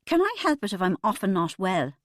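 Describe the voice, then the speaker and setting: A woman voicing a defensive Irish wife in an audiobook, with a posh put-on accent and a shrill voice. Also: sing-song, fairly quick, no echo, studio quality, close to an everyday voice.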